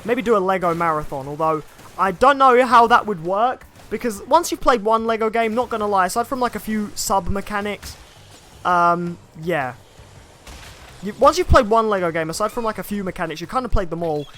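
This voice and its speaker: Young male streamer, high voice, loose rambling commentary with chat replies, soft game music behind. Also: normal speed. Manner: chatty, rambling, reads chat comments aloud. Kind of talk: casual live-stream commentary.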